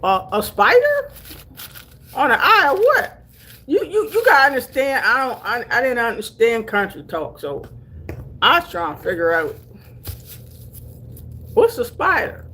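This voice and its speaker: A slightly high, husky, sharp-toned voice with big pitch swings belongs to an older Delaware woman chatting to camera at a normal pace. She laughs easily through her stories and calls her viewers honey and baby.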